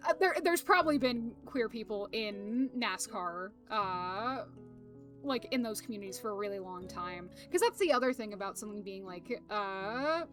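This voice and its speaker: A woman's voice: medium pitch, expressive, moderate pace, fairly bright tone, soft background music. A young woman streaming, chatting casually to viewers, rambling with lots of fillers, laughter and swearing.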